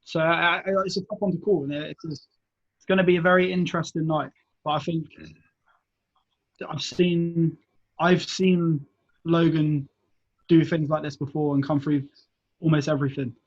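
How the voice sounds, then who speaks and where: Husky man thinking aloud. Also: a little high. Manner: thinking aloud, repeats words. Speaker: wrestler guest. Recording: dull lo-fi audio.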